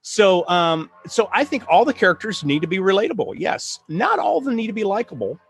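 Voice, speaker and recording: A middle-aged man hosting a casual chat on writing, telling stories in an animated way with laughs and many restarts. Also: high voice, brisk, creaky, slightly rough. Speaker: podcast host, writing coach.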